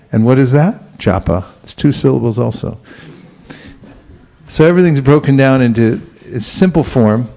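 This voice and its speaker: Male spiritual teacher, easygoing sermon style, warm dark tone with a gravelly edge, quizzes the room. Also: medium pitch, a little slow. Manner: relaxed, asks the audience questions, chuckles. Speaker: spiritual teacher giving a class. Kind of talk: conversational sermon.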